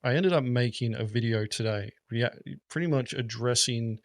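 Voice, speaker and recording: A man's voice: medium pitch, normal speed, dry recording, studio quality. A man, a gaming content creator, rambling and swearing in a casual podcast chat. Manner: rambling, profane, animated.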